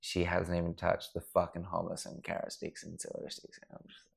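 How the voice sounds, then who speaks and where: Telling rambling, profanity-laced stories at night in a house, this Australian man is a guest on a podcast. His low voice is gravelly and husky, and he speaks briskly in a monotone.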